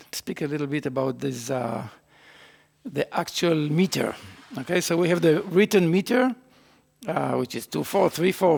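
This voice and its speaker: A man's voice: on the high side, gravelly, a little mellow, slightly rough. A man teaching a trumpet master class in a recording studio, explaining patiently and singing phrases on syllables.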